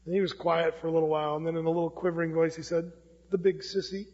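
Male pastor, high voice, casual sermon delivery, long hall reverb on a muffled recording. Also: monotone, rapid-fire, darkish tone, slight background noise. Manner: conversational preaching with folksy asides.

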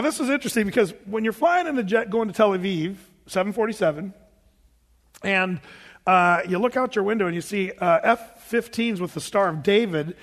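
High-voiced man telling a story in a hall. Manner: chatty, self-amused storyteller, laughing often. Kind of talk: storytelling sermon to a live congregation. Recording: long reverb of a big hall.

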